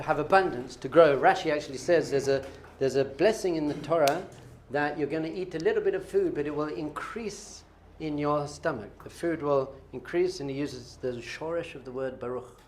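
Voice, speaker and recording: A middle-aged man, teaching a lively class as a rabbi and quizzing his students with playful questions. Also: on the high side, slight background noise. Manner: animated, playful, quizzing the audience.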